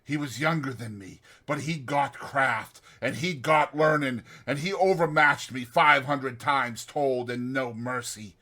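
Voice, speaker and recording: Guy reading as a rough old convict, bright voice, rough broken old-timey talk, audiobook. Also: mid-range voice, measured pace, few pauses. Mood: grim. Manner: rough, ungrammatical old-fashioned speech. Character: rough old male convict telling his past.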